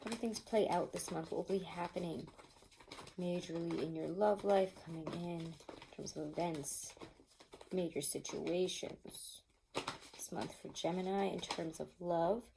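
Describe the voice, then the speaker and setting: A woman's voice: on the low side, fairly even intonation, unhurried, creaky, dark tone, a little hiss or hum, low-quality recording. A woman doing a casual tarot reading to camera, chatty and rambling, often breaking into laughter. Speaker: tarot reader.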